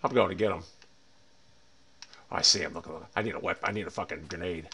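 A man streaming a shooter game, swearing often and swinging between loud frustrated rants and low muttering to himself. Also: fast talker, creaky, husky. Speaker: gaming streamer. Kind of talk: live game commentary.

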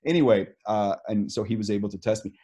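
New guy being interviewed, husky lowish voice, earnest, lots of ums and restarts. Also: quick pace, mellow. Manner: earnest, explanatory, many fillers and restarts. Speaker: interviewed scientist. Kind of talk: video call interview.

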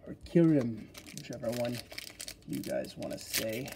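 A man hosting a casual card-opening video, chatty and excitable as he talks straight to his viewers. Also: mid-range voice, moderate pace, slight background noise. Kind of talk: casual unboxing commentary.

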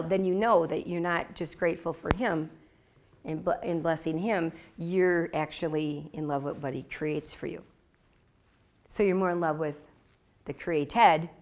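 A woman's voice: lowish voice, normal speed, long pauses, a little mellow. A woman teaching a Bible study in a chatty, confiding way, full of asides.

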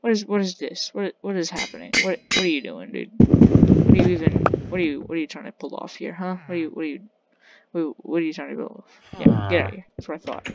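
A woman's voice: lowish voice, animated, quick pace, vocal fry, dull audio. A woman giving casual gameplay commentary, playfully trash-talking the characters in her game. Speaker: gaming channel host. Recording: loud background noise.

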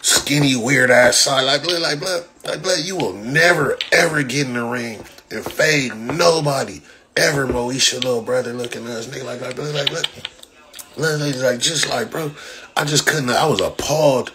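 A man's voice: mid-range voice, moderate pace, background noise. A man, a boxer on a livestream, ranting in profane trash talk full of repeated slang fillers. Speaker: boxer livestreaming after a fight. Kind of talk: casual livestream rant.

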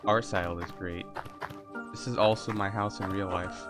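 A man's voice: deep voice, fairly even intonation, moderate pace. Joking young man commentating a game. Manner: joking, rambling, sarcastic. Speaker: gaming commentator. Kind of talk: let's play commentary. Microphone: desk mic. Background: game music.

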